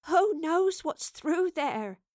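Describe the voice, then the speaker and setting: A woman's voice: high voice, unhurried, fairly bright tone, no echo, studio quality, voice pushed up. A woman doing a weary, trembling mother. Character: weary self-sacrificing mother, grief-stricken.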